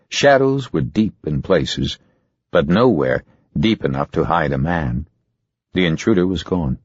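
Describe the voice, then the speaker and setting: Male thriller narrator: low, husky, suspenseful, dry close sound. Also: dry recording, lo-fi sound. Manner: measured, suspenseful. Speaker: audiobook narrator. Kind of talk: scripted narration.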